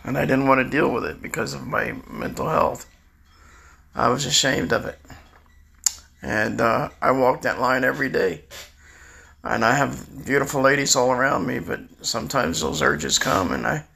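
Older man, sixties, heavy gravel and rasp, tense edge, rambling confessional delivery. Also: medium pitch, steady tone, moderate pace, bright, forceful tone. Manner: rambling, confessional, restarts often. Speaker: storyteller recounting his life. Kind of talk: candid personal monologue.

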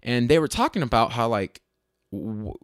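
A man hosting his own podcast in a loose, rambling way, correcting himself often and filling pauses with ums. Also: medium pitch, expressive, no echo, studio quality. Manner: rambling, self-correcting, lots of fillers. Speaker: podcast host. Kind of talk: casual solo podcast chat.

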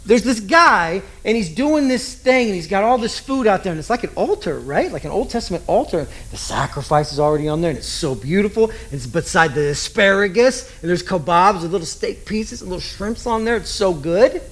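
A man with a notably high voice delivers a sermon as a pastor. He talks in a loose, conversational way, cracks jokes and keeps putting rhetorical questions to his listeners. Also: expressive, fairly quick, hardly any pauses, a bit bright.

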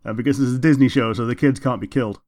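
A laid-back man in a mid-range voice, chatting easily and agreeing often. He talks about what he watches at an unhurried, conversational pace. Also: medium pitch, steady tone, a little mellow. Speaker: co-host watching a cartoon. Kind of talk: casual reaction chat.

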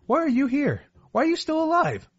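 A man voicing a furious young woman, a knife-wielding cultist, in a high, strained shriek. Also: lively intonation, normal speed, darkish tone, slightly rough, muffled recording. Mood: frantic.

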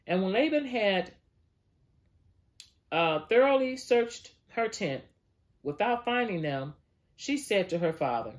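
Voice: medium pitch, very animated, slow pace, long pauses. A Bible study teacher reading scripture aloud and breaking off for casual, conversational comments. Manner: conversational asides, frequent fillers.

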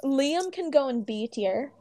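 A young adult woman co-hosting a podcast in casual chat, talking fast and loosely, with lots of "like" and some swearing. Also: sits high, expressive, mellow. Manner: chatty, frequent "like", swears, laughs often. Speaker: podcast co-host.

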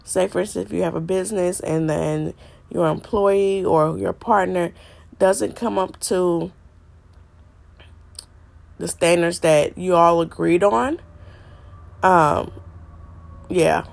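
A woman's voice: on the low side, slow pace, creaky, long pauses. A middle-aged woman hosting a faith podcast, stuffy and congested from a cold, earnestly repeating her points like a preacher. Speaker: podcast host.

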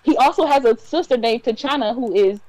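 A woman's voice: a little high, brisk, darkish tone, no echo, poor audio. A woman from Detroit co-hosting a casual podcast chat, talking in a rambling way with many ums and restarts. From Detroit, USA. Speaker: podcast co-host.

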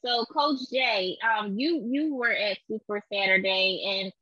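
A woman's voice: mid-range voice, a little slow, pushed and bright, no room sound, dull audio. A woman host asking guests questions, hesitant with many ums. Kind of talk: interview questions.

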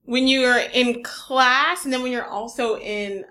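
A woman's voice: fairly high pitch, slow pace, bright, forceful tone. A woman interviewing in a casual chat, upbeat and full of "you know" fillers.

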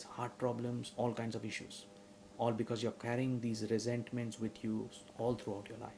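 Man preaching a sermon, warm tone. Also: medium pitch, creaky, a little hiss or hum, low-quality recording. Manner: rising to loud emphatic preaching; asks the audience questions.

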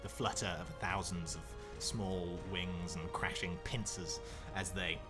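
A man's voice: sits low, steady tone, measured pace, music in the background. A man narrating a tabletop game as game master, describing scenes loosely with fillers.

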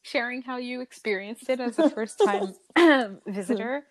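A woman's voice: fairly high pitch, expressive, measured pace. A woman co-hosting a podcast, wry and self-deprecating in casual chat. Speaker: podcast co-host.

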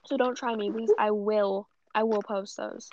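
A woman's voice: mid-range voice, fairly even intonation, normal speed, darkish tone, a little hiss or hum. Blunt, cursing young woman ranting. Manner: blunt, profane, rambling. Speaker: vlogger. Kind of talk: casual rant. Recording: dull lo-fi dry audio.

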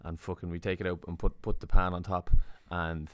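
A man's voice: sits low, flat delivery, fairly quick, no room sound, clean studio sound. A young Irish man co-hosting a podcast in casual, laid-back chat, swearing and laughing easily. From Ireland. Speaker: podcast co-host.

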